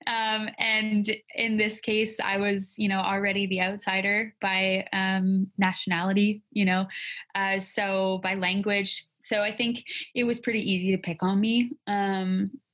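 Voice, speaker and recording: A woman's voice: mid-range voice, flat delivery, unhurried, fairly bright tone. Chatty woman podcast co-host. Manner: chatty, many fillers and restarts. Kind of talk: casual chat.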